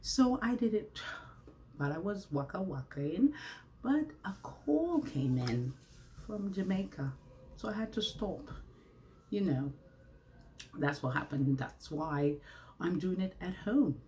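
A woman records a casual vlog at home, speaking straight to her camera under a ring light. Her voice sits low and mellow, and she takes her time. She chats and preaches by turns, firing rhetorical questions at her viewers. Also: expressive, slow pace, long pauses, slight background noise. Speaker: vlogger. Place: at home, indoors. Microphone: camera facing her, with ring light.

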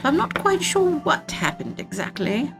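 A woman's voice: high-pitched, huge pitch swings, moderate pace, vocal fry, music in the background, pitched above the performer's own voice, heavily acted. A woman voicing a polite, grateful young woman in a tabletop game, courteous and eager. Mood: earnest.

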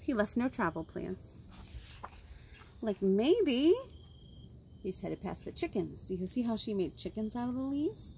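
A woman librarian reading picture books aloud to young children, animated and full of gasps and questions to her listeners. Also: sits high, creaky, slight background noise.

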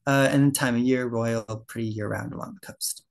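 A man's voice: medium pitch, steady tone, normal speed, gravelly. A young man giving a casual slide presentation to a birding club, talking loosely with fillers and self-corrections.

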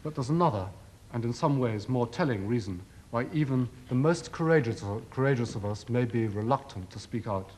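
A man delivering a formal televised lecture in a measured, rhetorical way, with ironic emphasis. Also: medium pitch, expressive, a little mellow.

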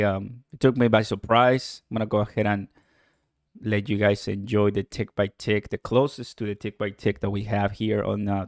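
A man hosting a casual live stream about cryptocurrency from home in the morning, excitable and chatty, laughing often and talking straight to his viewers. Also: on the low side, no echo, studio quality. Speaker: crypto livestream host.

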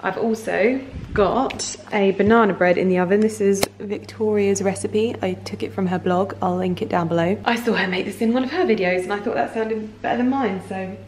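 A woman vlogging casually in her home kitchen, talking fast and bubbly with frequent ums and little laughs. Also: medium pitch, steady tone, a little mellow, roomy sound, a little hiss or hum. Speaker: lifestyle vlogger. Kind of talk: casual chatty vlog narration.

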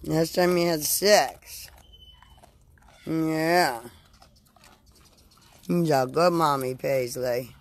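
Slow gravelly farm woman. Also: sits low. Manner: slow, coaxing talk to animals. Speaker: farm host. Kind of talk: live farm video. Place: outdoors on a farm.

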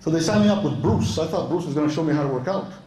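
A man's voice: on the high side, lively intonation, racing, crowd noise. A man doing stand-up at a live club show, telling true stories in a chatty way, laughing at his own lines and quoting people in a raised voice. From Europe. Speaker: stand-up comedian. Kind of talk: stand-up storytelling. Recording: echoey club room.

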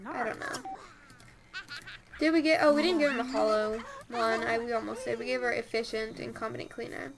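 High-voiced woman chatting over gameplay. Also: a little fast, noisy background. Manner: chatty, talks to her game characters; easily excited. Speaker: gameplay commentator. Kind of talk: casual let's-play commentary.

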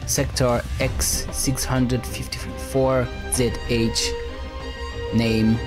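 A male game developer giving let's play commentary in a halting way, with many restarts. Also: medium pitch, little pitch movement, over music.

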